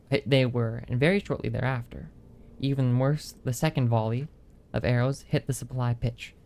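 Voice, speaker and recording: Guy reading a game book out loud on stream, plain mid voice, restarts words, soft music under. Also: medium pitch, vocal fry. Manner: reads with small slips and self-corrections, mutters asides.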